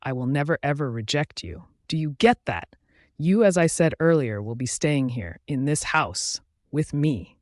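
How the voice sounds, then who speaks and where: A proud, cold young werewolf king, read by a man, barking orders in a loud, commanding voice. The voice sits a little high and sounds dry and close, read for an audiobook. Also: expressive, unhurried, dry recording. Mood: possessive. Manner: commanding, shouting.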